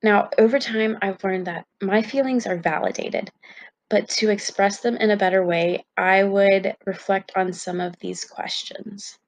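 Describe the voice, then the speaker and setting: A woman's voice: mid-range voice, fairly even intonation, unhurried. A young woman vlogging to her viewers in a candid, chatty way with lots of fillers. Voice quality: gravelly fry. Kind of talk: casual talk to camera.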